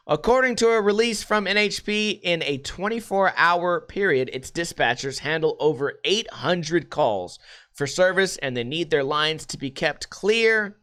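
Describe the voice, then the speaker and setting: Young guy ranting over news stories, swears a ton, bright voice, fairly high. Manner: profane, exasperated, sarcastic. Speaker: podcast host. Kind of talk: casual reading of the news with rants.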